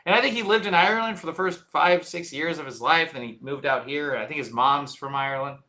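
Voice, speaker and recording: A man, a filmmaker being interviewed, telling animated stories in casual chat and laughing often. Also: a little high, fairly quick. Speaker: filmmaker, guest.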